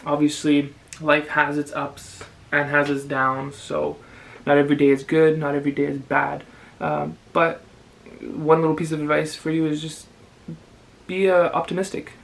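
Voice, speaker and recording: A young man from Canada, a vlogger, chatting casually and giving advice, pausing now and then to chew. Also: fairly high pitch, poor audio. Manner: relaxed, chatty, with pauses to chew. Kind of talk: casual chat while eating.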